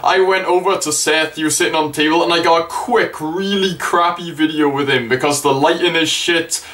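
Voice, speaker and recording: Brief: young vlogger, fairly high voice, excitable fan telling a story. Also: male voice, fairly quick. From Wales. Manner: excitable, sweary, gushing fan. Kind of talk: casual storytelling to camera.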